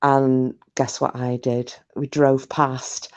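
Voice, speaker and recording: A woman's voice: a bass voice, level tone, slow pace, a little mellow, muffled recording. Woman, stream host, chatty, swears, laughs at herself. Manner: chatty, swears freely, self-mocking. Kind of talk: casual chat and storytelling with viewers.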